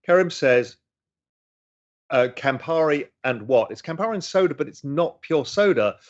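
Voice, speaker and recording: On a casual livestream from a home room, a middle-aged man reads chat questions and answers them enthusiastically. His fairly high voice has lively intonation and a moderate pace, and the lo-fi stream audio sounds slightly dull.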